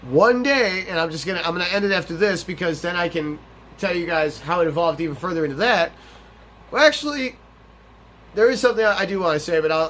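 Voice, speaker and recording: A man's voice: sits high, a bit bright, a little hiss or hum. A man hosting a gaming channel, telling a rambling, profane, self-deprecating story over a game playthrough.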